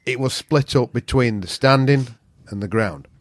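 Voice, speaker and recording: A man's voice: medium pitch, moderate pace, no room sound, studio quality. Blunt, swearing Yorkshire man telling stories. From England. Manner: profane, blunt, animated storyteller. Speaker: guest. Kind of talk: casual storytelling chat.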